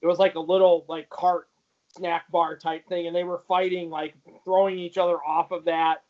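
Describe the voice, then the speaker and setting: A man's voice: high voice, level tone, moderate pace. A middle-aged man in a casual podcast chat, telling stories in a chatty, self-mocking way. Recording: dull lo-fi sound.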